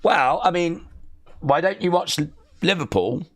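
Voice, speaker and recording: A man's voice: fairly high pitch, expressive, measured pace. A man hosting a wrestling watch-along stream, chatting casually, rambling and reading out viewer comments. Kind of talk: casual live-stream chat.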